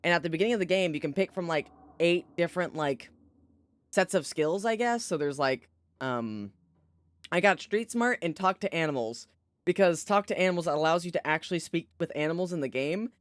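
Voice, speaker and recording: A worn-out streamer chats through a story game, jumping between jokes, swearing and asides. The pitch swings all over the place with lively movement. The voice is dry and close to the mic, with no room sound. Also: a little fast, dry recording. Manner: animated and chatty, swears, jokes. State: tired. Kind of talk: casual let's-play commentary, reading game text aloud.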